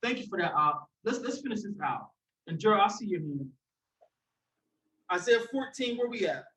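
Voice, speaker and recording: A man leading a religious discussion, preaching forcefully and breaking into shouts. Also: high voice, big pitch swings, normal speed, reverberant, recorded from a distance. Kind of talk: fiery preaching.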